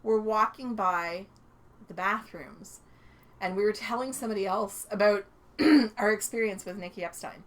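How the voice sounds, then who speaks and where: A Canadian podcast co-host with a medium-pitched voice and normal speed chats casually. She's a storyteller who laughs often and acts out the quotes she tells.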